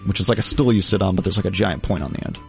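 A man's voice: deep voice, very fast, vocal fry, soft background music. A man hosting a casual comedy quiz, playfully reading out questions and multiple-choice options. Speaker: game show host.

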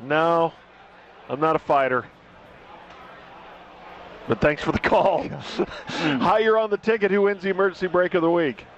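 A man with a fairly high voice hosts a sports radio call-in show, fielding callers with quick, dry asides. The sound is dull and lo-fi, like an aired radio broadcast with a faint hiss behind it. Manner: quick, wry, laughs at callers. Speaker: radio sports talk host.

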